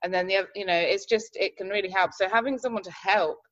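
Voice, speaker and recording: A woman hosting an interview as relationship coach, talking haltingly with fillers and restarts. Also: medium pitch, fairly even intonation, a bit bright, highs cut off. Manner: hesitant, many fillers and restarts, encouraging. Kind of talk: interview chat.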